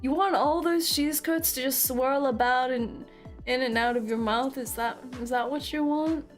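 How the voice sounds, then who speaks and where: A woman's voice: high-pitched, normal speed, faint music behind. A young woman streaming live, chatting with her viewers in a playful, theatrical, teasing way. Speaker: VTuber streamer.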